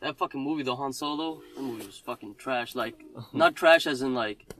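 Young guy, fast blunt opinions, mid pitch, cussing casual chat. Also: a bit bright, a little hiss or hum. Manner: blunt, opinionated, swears a lot. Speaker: friend chatting about movies.

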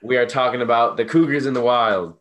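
A man's voice: mid-range voice, a little fast, fairly bright tone, a little hiss or hum. A man co-hosting a podcast in casual chat, laid-back and agreeable as he moves the talk along. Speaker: podcast co-host.

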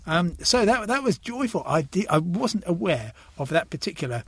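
An older man from England with a husky, slightly raised voice trades poems in casual conversation. He hesitates and restarts often, then reads verse at an unhurried pace. The sound is dry and close. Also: sits high, big pitch swings, fairly bright tone, no echo. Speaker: poetry reader in a conversation. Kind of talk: casual chat with poetry readings.

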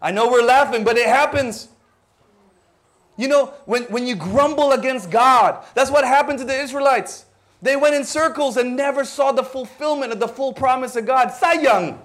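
A man with a Filipino accent preaching a sermon, animated, mixing in Cebuano words and acting out voices, sometimes dropping to a hush. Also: extremely high pitch, normal speed. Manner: animated, acts out quoted voices, sudden drops to near-whisper.

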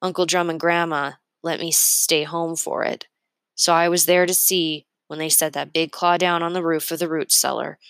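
Woman reader, lowish voice, dry close sound, story read-aloud, animated character lines. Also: moderate pace, no room sound. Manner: voices characters with pitch jumps, first-person narration. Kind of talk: reading a novel aloud.

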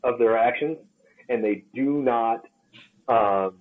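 A man's voice: mid-range voice, slow pace. A man tells a gym story on a casual podcast, cursing freely and acting out the people in it. His voice sits in a middle register. The recording sounds slightly dull and lo-fi. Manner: profane, animated storyteller who acts out quotes. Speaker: podcast co-host, personal trainer.

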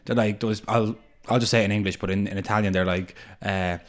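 A man's voice: on the low side, quick pace. A man hosting a podcast in casual chat, telling a story with lots of laughs and restarts. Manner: rambling storyteller, lively and laughing. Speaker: podcast host.

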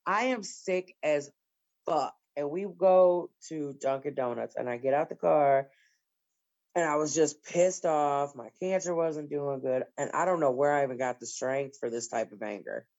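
A woman telling stories in casual group chat, blunt and profane, with lively bursts. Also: deep voice, moderate pace. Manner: blunt, profane, animated storyteller. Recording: slightly dull lo-fi sound.

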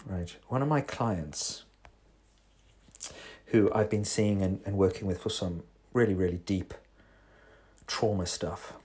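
A man's voice: sits low, darkish tone, husky. A man, a psychotherapist talking in a rambling, wry voice-note monologue. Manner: rambling, self-interrupting, wry.

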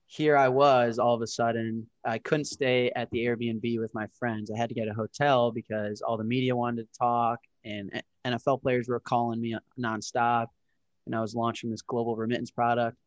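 A man in his twenties, a podcast guest, telling stories in a casual interview with lively acted-out quotes and frequent swearing. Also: mid-range voice, moderate pace, no room sound, lo-fi sound. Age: 20s. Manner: animated, profane, storytelling with acted-out quotes. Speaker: podcast guest, startup founder.

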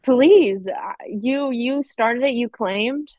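A woman from Philadelphia with a fairly high voice co-hosts a casual podcast. She trades crude jokes and laughs often. The sound is dry and close. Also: slow, no room sound, phone-quality sound. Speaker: podcast co-host. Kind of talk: casual chat.

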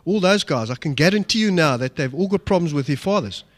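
A man's voice: on the high side, lively intonation, fast. A middle-aged man, giving an emphatic, personal talk to an audience and asking them questions. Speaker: speaker addressing an audience. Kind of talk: motivational talk on fatherhood.

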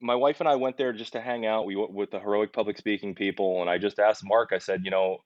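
A young man with a deep, low voice tells his story as a podcast guest. He sounds earnest and animated, stumbling and restarting as he goes. The recording is dry, a little dull and lo-fi. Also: quick pace, no room sound. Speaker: podcast guest, pizzeria owner. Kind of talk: casual storytelling interview.

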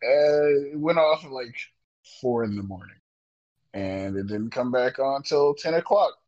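A man's voice: mid-range voice, lively intonation, a little slow, a little mellow, muffled recording. A young man co-hosting a casual podcast, playful and goofy as he tells a story. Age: young adult. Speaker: podcast co-host.

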